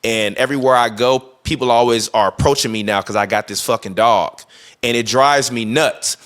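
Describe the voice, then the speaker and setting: A man talking casually at a middle pitch, wandering through his point with "like" and "you know". He mimics other people's tone as he retells a story, loose and conversational. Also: normal speed, clean tone. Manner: animated storytelling, acting out quoted voices. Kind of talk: casual chat.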